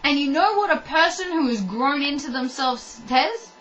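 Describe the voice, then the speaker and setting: A woman's voice: high-pitched, animated, moderate pace, a bit bright, dull audio, slight background noise. A woman ranting to the camera in a blunt, heated way, swearing and talking straight to the viewer. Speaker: vlogger. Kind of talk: ranting monologue.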